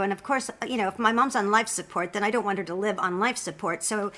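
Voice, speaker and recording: Woman, bright voice, lively storyteller, acts out quotes. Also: mid-range voice, fast talker. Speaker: guest. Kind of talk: casual chat.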